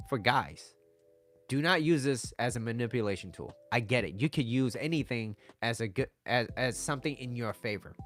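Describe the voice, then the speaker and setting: A man coaching on dating over slides, casual and joking as he talks. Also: on the low side. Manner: joking and animated.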